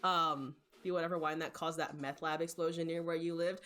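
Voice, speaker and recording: A woman's voice: low-pitched, fairly even intonation, brisk, fairly bright tone. A woman from rural Appalachia chatting casually on a live stream, rambling, swearing playfully and reading viewer messages. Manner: rambling, profane and playful, breaks into laughter.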